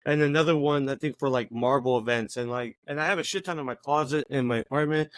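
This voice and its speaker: A man's voice: mid-range voice, fast, a bit bright. A man hosting a podcast, talking in a laid-back, casual way, with lots of fillers and easy swearing. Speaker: podcast host. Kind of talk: casual chat.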